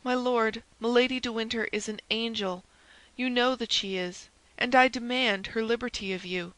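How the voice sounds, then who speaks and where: A woman's voice: on the high side, steady tone, normal speed, fairly bright tone, dry recording, lightly acted, low-quality recording. A woman reading the part of an intense young man who pleads and threatens, her voice raised and urgent. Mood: pleading. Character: fervent young man, stern zealot.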